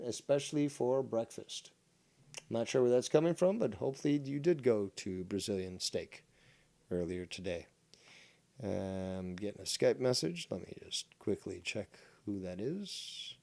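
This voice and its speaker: A man's voice: medium pitch, animated, measured pace, vocal fry, dark tone, no echo. Sarcastic, mocking male stream host. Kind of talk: casual call-in stream banter.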